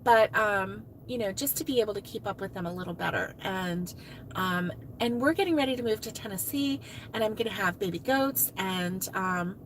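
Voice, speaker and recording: A woman's voice: mid-range voice, a bit bright, a little hiss or hum, low-quality recording. A middle-aged woman hosting a crochet live stream, chatting casually, laughing often and answering viewers' comments. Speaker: crochet livestream host.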